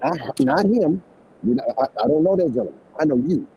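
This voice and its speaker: A man's voice: fairly high pitch, expressive, a little fast, dark tone, husky, dull audio. A man guest in a casual group chat, teasing and trash-talking playfully.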